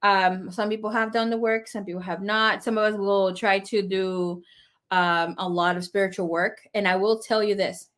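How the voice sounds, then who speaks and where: A woman's voice: mid-range voice, steady tone, normal speed, a bit bright. A woman giving a casual live tarot reading, chatty and rambling with fillers. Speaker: tarot reader.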